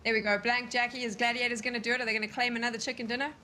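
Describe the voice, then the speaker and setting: A woman hosting an esports prediction segment, lively and chatty. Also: on the high side, rapid-fire, a little hiss or hum. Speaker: esports host.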